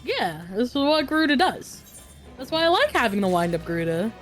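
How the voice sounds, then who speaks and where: A woman's voice: on the high side, sing-song, brisk, soft background music. A woman streaming a game, chatting bluntly and swearing freely with her co-player. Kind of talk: casual gaming chat.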